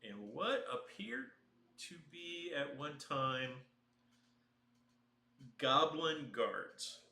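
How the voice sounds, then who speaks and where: A man narrating as the dungeon master of a tabletop game, slow and halting, with fillers. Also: on the high side, very animated, pushed and bright. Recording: echoey room.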